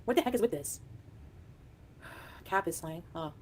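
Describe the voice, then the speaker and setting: A woman's voice: lowish voice, animated, unhurried, husky. A woman chatting casually on a live stream, reading her chat aloud and giggling often.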